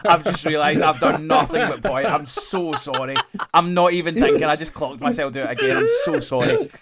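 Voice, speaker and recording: A young man co-hosting a casual podcast chat, excitable and emphatic, swearing freely. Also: a little high, a little fast, a loud crowd. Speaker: podcast co-host.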